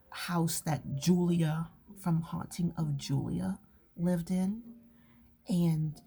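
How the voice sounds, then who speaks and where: Low gravelly woman, chatty and hushed. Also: animated, slow pace. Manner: chatty, rambling, often drops to a whisper. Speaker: craft channel host. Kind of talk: relaxed journaling chat.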